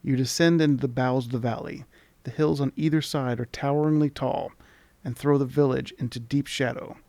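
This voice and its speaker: A man's voice: medium pitch, steady tone, fairly quick, vocal fry, warm tone, dry recording. A man hosting a let's play, casually reading game text aloud with commentary, often stopping to restart words.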